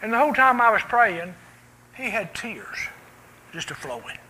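A man preaching with real fervor, his high, bright voice climbing and falling in wide swings. He leans hard into loud calls, then drops to near-whispers. A faint hum of room noise sits under him. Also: very animated, normal speed, low-quality recording. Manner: impassioned, swings from loud cries to quiet hushed lines. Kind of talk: sermon.

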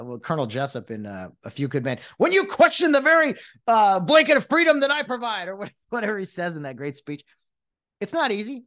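A high, fairly bright male voice comes from a former umpire in his late thirties who now hosts a podcast. He rants in exasperation on his own, repeatedly starting his sentences over.

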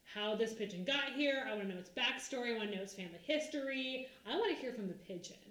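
A young woman co-hosting a casual podcast, telling a story in a lively way and acting out the people she quotes. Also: on the high side, quick pace. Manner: animated storytelling, acts out quoted voices. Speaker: podcast co-host. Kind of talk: casual chat. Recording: roomy echo.

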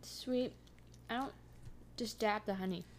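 A woman's voice: mid-range voice, measured pace, a crowd in the background. A woman co-hosting a casual podcast chat, teasing with dry quips and giggling. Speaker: podcast co-host.

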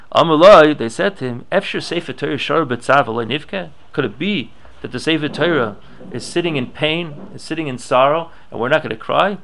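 This Torah teacher has a medium-pitched, somewhat bright voice with vocal fry. In his class he reads Hebrew and Aramaic passages, then explains them in English, often restarting as he reasons aloud.

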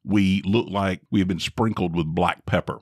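A middle-aged man co-hosting a podcast, telling a story in a dry, drawn-out way with wry emphasis. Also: low voice, steady tone, no room sound. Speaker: podcast co-host. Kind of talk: casual storytelling chat.

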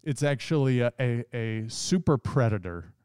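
A man, chatting on a church podcast, given to deadpan tall-tale jokes. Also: mid-range voice, moderate pace, clean tone, no echo, clean studio sound. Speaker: departing church staff member, podcast guest. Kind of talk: casual podcast chat.

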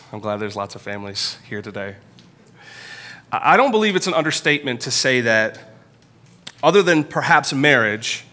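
A man in his thirties preaches a sermon from a church pulpit, his voice bright and forward. He tells personal stories in an earnest, confessional way, slowing and pausing as he goes. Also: mid-range voice. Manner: earnest, confessional storytelling with pauses. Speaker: pastor.

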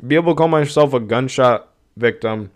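A young man with a smooth, resonant voice at an ordinary pitch rants casually as a podcast host. He rambles, swears freely and sounds exasperated, circling back on himself as he talks. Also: a little fast. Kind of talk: casual rant.

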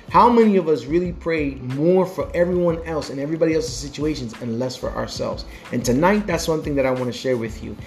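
Passionate man preaching, light music under. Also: a little high. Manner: passionate, conversational, repeats phrases. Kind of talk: casual sermon.

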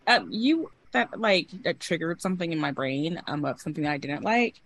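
A woman hosting a podcast in casual chat, expressive and quick to laugh. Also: deep voice, dry recording. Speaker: podcast host.

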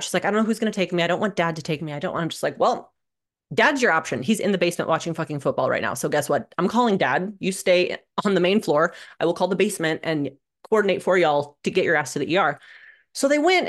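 A young adult woman telling a personal story as a podcast guest, animated and sardonic, swearing freely. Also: on the low side. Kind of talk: candid conversational storytelling. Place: living in Minnesota.

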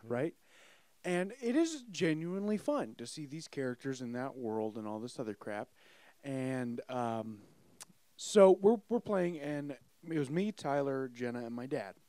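Hoarse, animated podcast man. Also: mid-range voice, measured pace, no echo. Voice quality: animated, swears freely. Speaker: podcast host. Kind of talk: casual chat.

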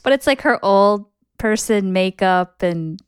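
A woman's voice: medium pitch, animated, measured pace, clean tone. A woman co-hosting a casual movie podcast, bantering and laughing, with a Chicago accent. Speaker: podcast co-host. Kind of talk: casual chat.

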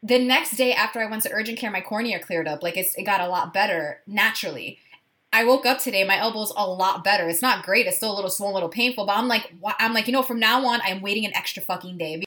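A woman's voice: medium pitch, quick pace, bright, forceful tone. A woman co-hosting a podcast, telling a story in a chatty way, full of "like" and the odd swear word. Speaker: podcast co-host. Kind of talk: casual chat.

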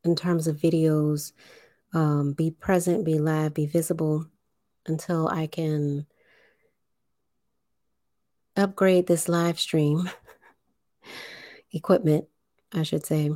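Slow, low-voiced woman livestream host. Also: little pitch movement, mellow, no echo, clean studio sound. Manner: deliberate, enunciating, leads breathing exercises. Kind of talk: slow spiritual livestream talk.

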